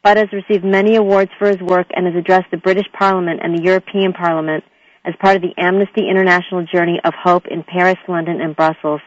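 A woman's voice: fairly low pitch, flat delivery, quick pace. New York woman introducing a radio guest. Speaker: co-host. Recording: dry, slightly muffled radio audio.

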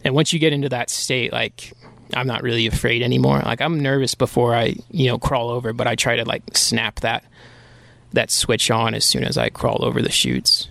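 A man's voice: mid-range voice, flat delivery, moderate pace, creaky, a bit bright, dry recording. A man from Pennsylvania, a bull rider guest on a podcast, telling stories casually and rambling with lots of filler "like". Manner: rambling, heavy use of filler "like". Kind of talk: casual storytelling.

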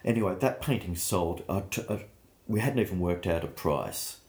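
A man, a painter, telling anecdotes in an animated way during an interview. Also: sits low, normal speed. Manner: anecdotal, animated storytelling with laughs.

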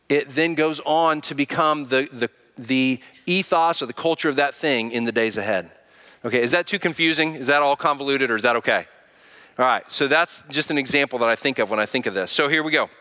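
A man with a bright, fairly high voice preaches to his congregation, earnest and conversational, often stopping to ask them questions. He admits he can sound angry though he isn't. The sound carries a long hall reverb, as in a large sanctuary. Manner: says he sounds angry but is not. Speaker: pastor. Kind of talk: sermon.

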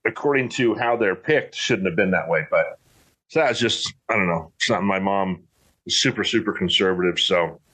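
A man's voice: low-pitched, moderate pace, fairly bright tone, husky. A middle-aged man talking in a casual, rambling, folksy way with frequent restarts. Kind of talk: casual chat.

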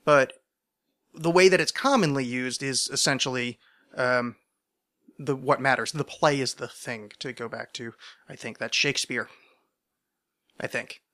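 Rambling, bright-voiced man hosting a podcast. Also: mid-range voice, unhurried, long pauses. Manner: rambling, self-deprecating, full of restarts and asides. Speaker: podcast host. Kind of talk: casual rambling solo monologue.

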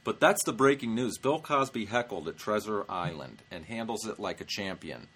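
A man's voice: fairly low pitch, lively intonation, moderate pace, fairly bright tone, a little hiss or hum. A male stand-up comedian hosting his show, telling a story in a brash, profane way. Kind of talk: comic storytelling vlog.

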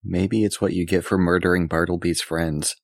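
A man playing a tabletop role-playing game, speaking in character in a deadpan, mock-indignant way. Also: sits low, normal speed, creaky, no room sound, studio quality. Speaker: player.

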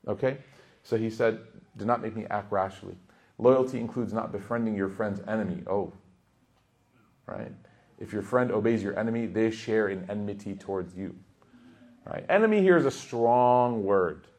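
A young man teaching a class, telling stories in a lively way that swings between loud emphasis and hushed asides. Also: fairly low pitch, moderate pace, pauses often, slightly rough. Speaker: Islamic teacher. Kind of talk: lively class talk with storytelling.

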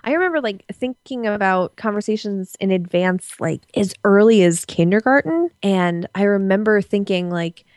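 A woman's voice: mid-range voice, expressive, moderate pace, few pauses, darkish tone, no echo. A pregnant woman in her thirties guests on a podcast and tells candid stories, laughing often. Her voice sits in a middle range, and it is recorded dry and close. She talks freely and without holding back. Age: 30s. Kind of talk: casual chat.

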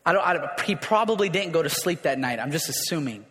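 A man preaching a sermon in a conversational way, often restarting and asking the crowd questions, rising louder for emphasis. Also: fairly high pitch, expressive, quick pace. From raised in a city. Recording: long hall reverb.

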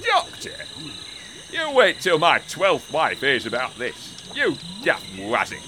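A man with a Yorkshire accent performing blunt, gruff comedy sketch characters. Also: mid-range voice, wildly swooping pitch, unhurried, noisy background.

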